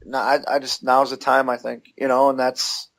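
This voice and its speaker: A man's voice: medium pitch, little pitch movement, moderate pace, gravelly, a bit bright. A man, a wrestler guest, answering interview questions casually with lots of fillers.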